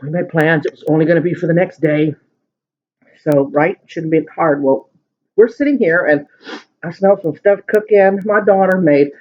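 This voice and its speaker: A man with a fairly high voice talks casually while he eats, rambling through a story in a chatty way. The recording sounds muffled and lo-fi, like a home video. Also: normal speed. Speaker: mukbang vlogger. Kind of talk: casual chat while eating. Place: at home at the dinner table.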